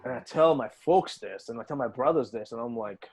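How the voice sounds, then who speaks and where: Speaking a little fast, the man has a medium-pitched, slightly rough voice. He's a UAE musician guesting in a casual interview, where he animatedly tells a story, swearing a lot and performing what people said.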